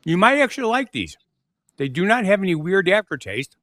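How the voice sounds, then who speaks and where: A man's voice: high voice, very animated, a little fast, bright, forceful tone. A man co-hosting a casual talk show, giving laid-back, dry replies while tasting snacks. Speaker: podcast co-host. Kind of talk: casual chat.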